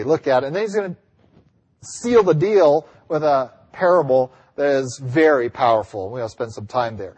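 A man preaches a sermon from a church sanctuary, his voice sitting high for a man. He drives his points home with force and sometimes rises almost to a yell. A long reverb trails off each phrase. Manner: emphatic, rising to near-yells on key lines. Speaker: pastor.

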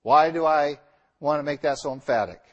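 A man preaching a sermon to his congregation, emphatic and direct, repeating key lines with slow, stressed words. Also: fairly high pitch, highs cut off. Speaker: pastor.

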